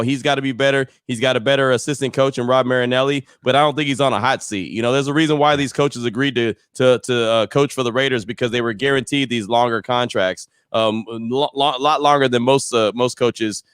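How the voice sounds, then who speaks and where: A man's voice: mid-range voice, steady tone, a little fast, few pauses, a bit bright, clear, resonant tone, dry recording, clean studio sound. Opinionated man on sports radio. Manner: opinionated, sums up with catchphrases. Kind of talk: casual sports radio chat.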